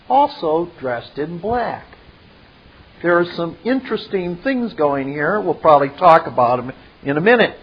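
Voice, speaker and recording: A man's voice: high-pitched, lo-fi sound. A man retelling and commenting on a film scene step by step, adding his own asides.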